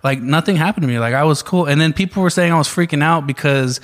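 Man spinning a profane, animated story in casual chat, voicing the people in it. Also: on the high side, fast. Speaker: guest telling a story.

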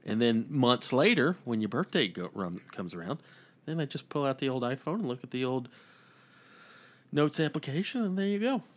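A man's voice: mid-range voice, very animated, moderate pace. Man, comedian, podcast co-host, rambling anecdotes, casual, profane. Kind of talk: casual chat.

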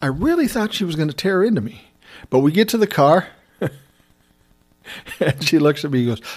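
A middle-aged man spins a casual personal tale with a wry, smart-aleck edge, chuckling often. His voice sits a little high and swings around a lot in pitch. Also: big pitch swings, brisk, pauses often. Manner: wry, laughing, self-described smart aleck. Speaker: storyteller. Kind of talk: casual storytelling.

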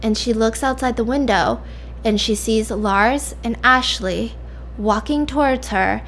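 A woman's voice: fairly high pitch, unhurried. A woman casually retelling a crime story for a podcast, acting out the characters with whispers and sudden outbursts. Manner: animated, acts out quotes with whispers and shouts. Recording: faint background noise.

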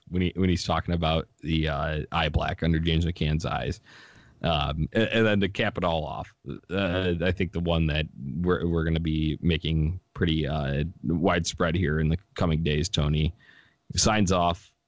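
A man hosting a casual sports talk show, animated and laughing as he recaps a broadcast. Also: low voice, normal speed, no room sound. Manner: animated, laughing, quoting others in lively bursts. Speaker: sports podcast host.

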